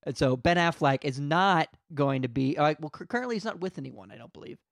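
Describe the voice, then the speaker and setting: A man co-hosting a casual podcast, asking joking questions in a playful, deadpan way. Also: on the high side, a little fast, creaky, no echo, studio quality. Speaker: podcast co-host.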